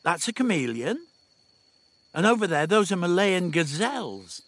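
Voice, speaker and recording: A man's voice: high voice, sing-song, normal speed, a bit bright, no room sound, voice pushed up, exaggerated voice. A man voicing a defiant, know-it-all teenage girl in an audiobook. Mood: scornful. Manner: cocky, scornful, know-it-all. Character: defiant cheeky teenage girl time traveller. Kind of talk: audiobook dialogue.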